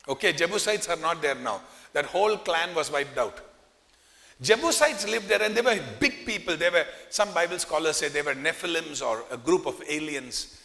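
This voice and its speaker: Man, pastor, animated sermon storytelling, bright voice, long church reverb. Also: fairly high pitch, gravelly. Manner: animated storytelling with questions to the congregation.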